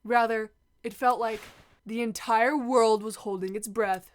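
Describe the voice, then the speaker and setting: A woman's voice: on the high side, fairly even intonation, unhurried. A woman playing a murder-mystery game, reading narration aloud and breaking into shrieking emotional reactions. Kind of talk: let's play commentary with read-aloud narration.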